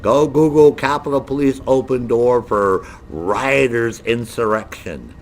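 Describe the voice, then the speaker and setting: A middle-aged man ranting casually with a lot of profanity, in a lively, mocking storytelling way. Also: mid-range voice, measured pace, slight background noise. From United States. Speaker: gaming streamer.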